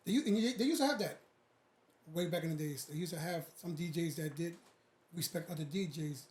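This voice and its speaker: A man's voice: fairly high pitch, fairly quick, darkish tone, a little hiss or hum. A man co-hosting a podcast, asking questions and adding short agreements in casual chat.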